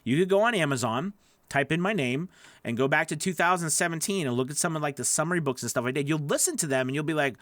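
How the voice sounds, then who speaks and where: A man's voice: fairly high pitch, animated, fast, fairly bright tone, no room sound. Chatty man coaching in a dry studio. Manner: chatty and encouraging, answers viewer questions. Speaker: voice-over coach. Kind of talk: live-stream Q&A teaching. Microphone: studio microphone.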